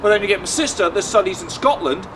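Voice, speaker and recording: A young man with a southern English accent delivers a stand-up set in a high, chatty voice. He is sardonic and drags out his punchlines. It was recorded outdoors with a faint hum of traffic behind him. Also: expressive, fast talker. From Luton, England. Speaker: stand-up comedian. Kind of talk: stand-up routine. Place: outdoors in a city. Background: faint outdoor ambience and traffic.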